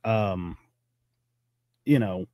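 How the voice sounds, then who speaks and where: A man's voice: drawn-out words, dark tone, no echo, clean studio sound. A man co-hosting a podcast, chatting loosely and profanely and rambling about politics. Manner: loose, rambling, profane, acts out quotes in a high voice. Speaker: podcast co-host. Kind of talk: casual political chat.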